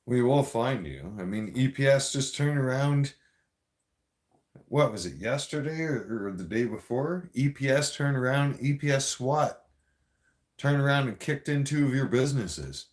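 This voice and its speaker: A man's voice: medium pitch, expressive, measured pace. A man hosting a live stream, ranting at his viewers in a confrontational, rambling way, addressing them directly.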